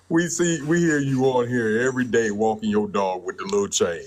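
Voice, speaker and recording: A man's voice: lowish voice, fairly even intonation, fairly quick, few pauses, a loud crowd, very noisy. A man calling into a live stream, telling stories in a laid-back, slangy way. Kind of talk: casual live stream chat.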